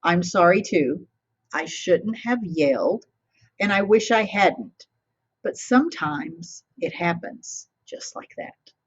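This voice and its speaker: A woman reading as a gentle storybook mother. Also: on the low side, lively intonation, slow pace, slightly rough, dull audio, heavily acted. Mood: tender.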